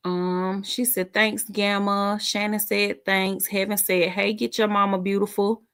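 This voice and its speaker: A woman's voice: mid-range voice, little pitch movement, a little slow, a bit bright, clean tone, no room sound, studio quality. A middle-aged woman hosting a casual live stream, reading out viewer comments in a chatty, informal way and laughing often.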